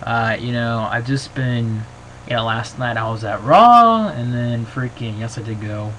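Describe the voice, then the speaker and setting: A man giving his opinions in a casual vlog to his camera. He rambles excitably and fills his talk with "you know". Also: mid-range voice, measured pace, a little hiss or hum, low-quality recording. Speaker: wrestling vlogger. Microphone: built-in camera mic.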